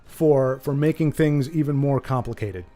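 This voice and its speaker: A man's voice: medium pitch, moderate pace, warm tone, faint music behind. A man hosting a livestream, talking in a rambling, playful, self-correcting way to his chat. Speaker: streamer host.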